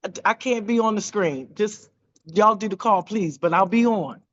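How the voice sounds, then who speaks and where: A woman telling an animated testimony on a video call, acting out quoted voices with big jumps in pitch. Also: normal speed, lo-fi sound. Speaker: team member sharing a testimony.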